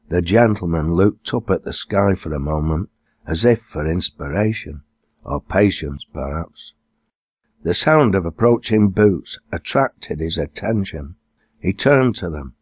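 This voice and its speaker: Very deep-voiced man reading his novel. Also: no echo, clean studio sound. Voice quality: expressive storytelling. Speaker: author narrating his book. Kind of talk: audiobook narration.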